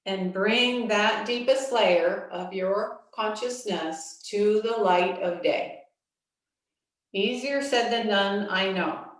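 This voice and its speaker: A woman yoga teacher talks a class through a breathing practice, slowly and soothingly, with long pauses between her cues. Her voice sits in a middle range and is picked up from a distance, in a strongly echoing room. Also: mid-range voice. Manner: slow, calm, soothing instructions with long pauses. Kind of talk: guided breathing instruction. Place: yoga studio.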